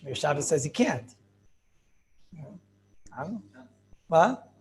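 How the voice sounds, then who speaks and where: A man's voice: fairly high pitch, big pitch swings, slow pace. A man giving an informal Torah class, rambling and joking, with many fillers and questions put to his students. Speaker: rabbi teaching a class.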